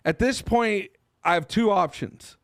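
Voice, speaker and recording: High-voiced guy on a podcast mic, dry close sound, swearing a lot, gets loud and wound up telling his story. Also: a little slow, no echo. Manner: animated, profane, gets loud and high when worked up. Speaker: podcast co-host. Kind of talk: casual storytelling chat.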